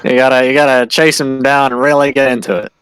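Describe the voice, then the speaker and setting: A man's voice: medium pitch, little pitch movement, fast talker, a bit bright, clear, resonant tone, no echo. A man chatting playfully as a player in a tabletop game, teasing the others. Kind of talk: casual tabletop game chat.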